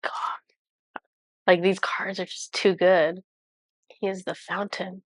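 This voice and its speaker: A woman with a cold, reading oracle cards and channeling messages for viewers in a halting, awestruck way with many pauses. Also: lowish voice, level tone, no echo, studio quality. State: has a cold. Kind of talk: intuitive card reading to viewers.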